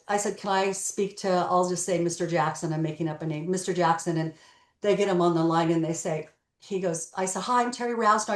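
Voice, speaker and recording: A woman with a lowish voice, recorded in an echoey room, shares stories as a guest in an interview. Working as a real estate broker, she brings her tales to life by acting out what everyone said.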